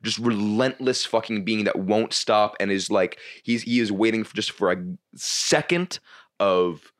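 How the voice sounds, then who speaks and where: A young stand-up comedian with a lowish voice chats casually on a podcast. His speech rambles and halts, with many restarts and curses.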